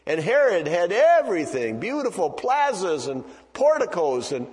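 A man's voice: high-pitched, wildly swooping pitch, normal speed, darkish tone. A man preaching a sermon in a church, telling stories in a conversational, digressive way with many asides. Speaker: pastor. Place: church sanctuary. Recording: long church reverb.

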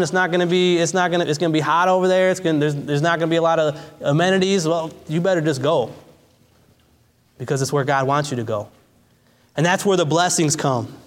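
Fervent man preaching in a reverberant hall. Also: fairly high pitch. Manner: fervent, repeats phrases, casual asides. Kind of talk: sermon. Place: church in a large hall. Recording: long church hall reverb.

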